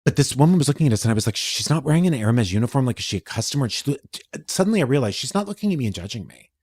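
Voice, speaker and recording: A man co-hosting a podcast, telling a story with a voice that swings widely up and down. He talks in a casual, animated way, gets defensive quickly and swears often. The sound is dry and close, with no room around it. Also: mid-range voice, breathy edge, dry recording. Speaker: podcast co-host. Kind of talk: casual chat.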